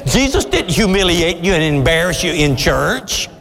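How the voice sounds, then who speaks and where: A man preaching a sermon as pastor, impassioned and rising to shouts. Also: a little high, sing-song, unhurried, few pauses, long reverb tail.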